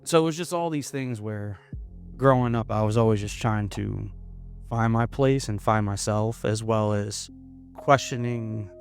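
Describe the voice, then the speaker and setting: A young man from Florida, a comedian guest in a casual interview, talking in a hesitant, halting way with many restarts. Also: on the low side, creaky, faint music behind. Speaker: podcast guest, stand-up comedian.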